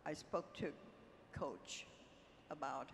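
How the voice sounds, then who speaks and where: A woman guest on a convention stage, speaking slowly and haltingly with heartfelt thanks. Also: low voice, creaky, slight background noise. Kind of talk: onstage interview answer. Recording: echoey hall, faint ambience.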